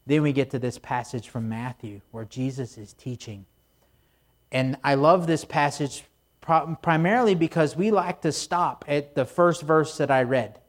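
A man's voice: on the high side, normal speed. A middle-aged man, a pastor, delivering a conversational sermon in a casual, storytelling way with frequent asides.

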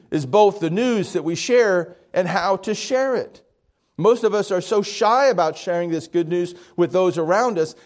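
A man preaching a conversational sermon, asking his congregation questions and correcting himself as he goes. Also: high voice. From Miami area, Florida.

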